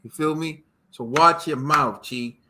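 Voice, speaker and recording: A man's voice: fairly high pitch, unhurried, sharp tone, a little hiss or hum. A man from the United States hosting a boxing podcast, chatting casually and teasingly in slang. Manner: slangy, teasing, says yo and bro. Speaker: podcast host. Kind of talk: casual chat.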